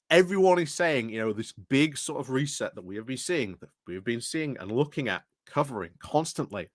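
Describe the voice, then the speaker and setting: A man's voice: mid-range voice, a bit bright, dry recording, clean studio sound. A man hosting a commentary channel, explaining things in a rambling casual way with many fillers and restarts. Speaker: political commentary channel host.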